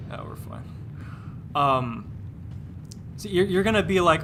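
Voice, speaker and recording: A man's voice: mid-range voice, normal speed, long pauses, background noise. A man live-streaming a game, chatting casually and rambling, restarting his words and sounding exasperated and dismissive.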